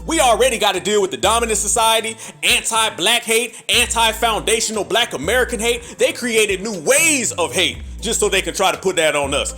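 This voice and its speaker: Male podcast host, high and animated, punchy sermon-style cadence, salty language, faint music bed. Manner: emphatic, preacher-like cadence with profanity; mimics other voices in quick asides. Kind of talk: animated commentary monologue.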